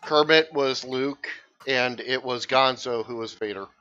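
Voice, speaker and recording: A man's voice: mid-range voice, measured pace, sharp tone, lo-fi sound. Chatty man running a tabletop game. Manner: chatty, rambling with restarts and laughs. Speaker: game master. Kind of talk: casual online game session chat.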